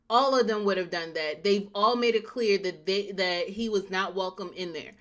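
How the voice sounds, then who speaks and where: A woman's voice: mid-range voice, a bit bright. A woman hosting a casual chat, giving blunt opinions and teasing her co-hosts.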